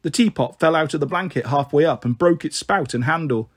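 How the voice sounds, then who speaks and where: A man reading a children's storybook aloud, expressive and voicing each character. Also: on the high side, fairly quick. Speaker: audiobook narrator.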